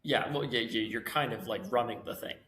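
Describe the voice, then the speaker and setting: A man's voice: medium pitch, fairly quick, fairly bright tone. A man hosting a podcast, playful and jokey in casual chat. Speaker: podcast host. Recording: roomy echo.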